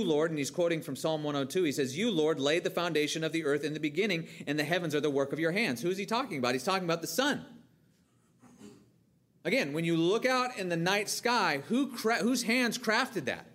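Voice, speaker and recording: Male preacher, slightly higher voice, emphatic sermon delivery with questions he answers himself. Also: a bit bright. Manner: emphatic, asks the audience questions and answers them.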